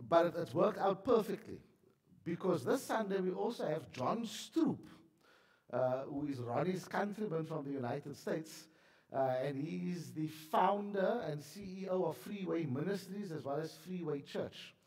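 A man's voice: on the high side, expressive, a little slow, darkish tone, reverberant. A male pastor giving church announcements with a frog in his throat, chatty and self-deprecating with many fillers. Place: church sanctuary.

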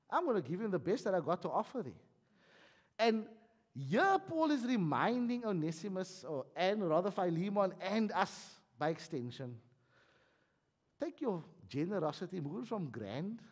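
South african guy preaching, voice jumps all over, big hall echo. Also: high voice. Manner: animated, conversational preaching with humor. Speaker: pastor. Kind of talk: sermon. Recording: long hall reverb.

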